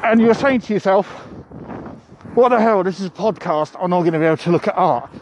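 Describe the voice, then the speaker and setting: A man in a face mask talks chattily to his podcast listeners as he walks along a street. His voice sits a little high and comes through muffled by the mask. Wind buffets the mic, and city ambience runs underneath. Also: a little fast. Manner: chatty, addresses listeners directly. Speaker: podcast host. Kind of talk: casual walking monologue. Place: outdoors on a street, walking. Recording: wind noise outdoors. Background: wind and urban street ambience.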